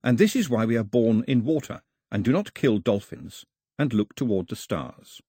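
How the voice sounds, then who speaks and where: A male audiobook narrator reads with an expressive, storytelling manner. His voice is husky and his pitch moves freely, rising and falling through the sentences. The recording is close and dry, with no room sound. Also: normal speed, no echo.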